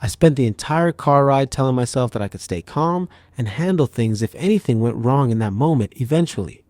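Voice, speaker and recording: Warm-voiced male story narrator. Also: mid-range voice, lively intonation, fairly quick, dry recording. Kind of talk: scripted narration.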